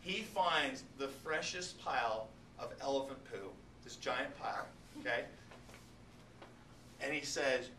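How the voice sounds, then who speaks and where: A biology teacher lecturing his class, animated and joking, talking straight to his students. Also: mid-range voice, slow. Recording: echoey classroom, distant mic, noisy.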